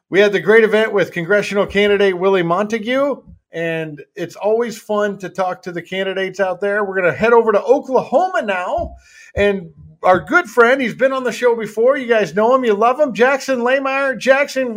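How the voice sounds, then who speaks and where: A man hosting a talk radio show, upbeat and jokey as he interviews a guest. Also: high voice.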